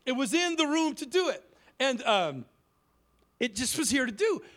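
A man preaching in a church, with an unusually high, bright voice. His pitch swings all over as he tells stories and slips into the voices of the people in them. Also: moderate pace. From Cleveland inner city. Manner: lively storytelling, acts out quoted voices. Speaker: guest preacher. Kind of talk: sermon.

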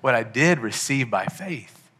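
A man's voice: mid-range voice, animated, measured pace, sharp tone, slightly rough. A man preaching a sermon as pastor, impassioned and swelling to fervent peaks. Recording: long hall reverb.

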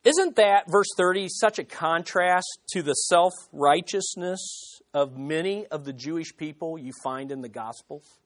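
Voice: medium pitch, measured pace. A pastor preaching an expository sermon, emphatic, with rhetorical questions and short laughs.

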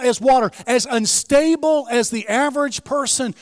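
High-voiced man preaching with fervor. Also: moderate pace, few pauses, no room sound, clean studio sound, long reverb tail. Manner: impassioned preaching, rising to shouts. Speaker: pastor. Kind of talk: sermon. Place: church sanctuary.

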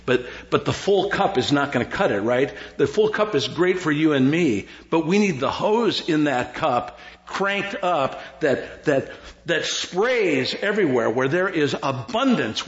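A middle-aged man, preaching a sermon as pastor in an animated, joking way with lots of repetition. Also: on the high side, a little slow, hardly any pauses, roomy sound. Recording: dull lo-fi sound.

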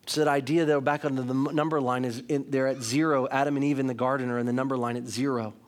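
A middle-aged pastor preaches a sermon in a mid-range, level voice, talking fast. He speaks earnestly and directly to his listeners, at times becoming emphatic.

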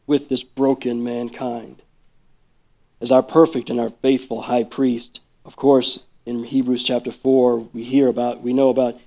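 A man preaching a sermon in a conversational, animated way, full of asides and acted-out quotes. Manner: acts out quoted speech with big pitch jumps. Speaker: worship leader preaching.

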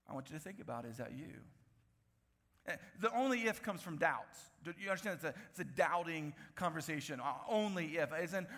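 A man preaching a sermon as pastor, animated, acting out the voices he quotes and dropping from loud bursts to hushed lines. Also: on the high side. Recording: reverberant hall.

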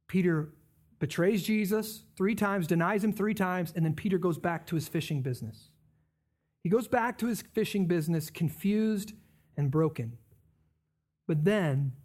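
A man preaching a sermon, explaining scripture in an emphatic, conversational way. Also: high-pitched. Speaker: pastor.

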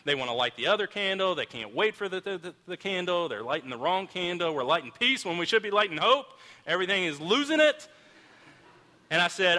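Bright-voiced casual male pastor. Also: fairly high pitch, lively intonation, fairly quick, in a large hall. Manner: casual, storytelling, frequent restarts. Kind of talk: sermon.

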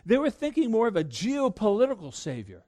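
A man preaching a sermon to a congregation, swinging between loud emphatic peaks and hushed low asides. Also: huge pitch swings, a little fast. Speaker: pastor.

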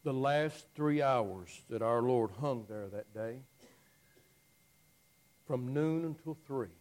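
Slow, dramatic male preacher. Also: mid-range voice, rough recording. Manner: swings from loud declaiming to hushed near-whispers; slow, drawn-out phrasing with long pauses. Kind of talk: dramatic storytelling sermon.

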